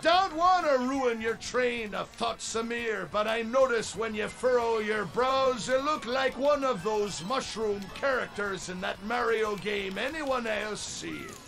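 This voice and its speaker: Guy putting on a super high squeaky chat viewer, gravelly fry, slow and teasing. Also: fairly bright tone, faint music behind, heavily acted.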